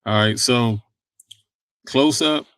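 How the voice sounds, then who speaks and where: A man's voice: medium pitch, slow, a bit bright, dry recording. A man hosting a sports talk show, chatting loosely about football contracts with lots of fillers and casual vernacular. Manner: loose and conversational, many fillers, Southern US vernacular. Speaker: sports podcast host.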